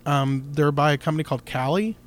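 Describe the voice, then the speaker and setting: A man's voice: on the high side, fast talker. A man co-hosting a casual guitar podcast, chatty and telling stories with quoted voices. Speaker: podcast co-host. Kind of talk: casual chat. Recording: with a faint crackle from his new computer setup.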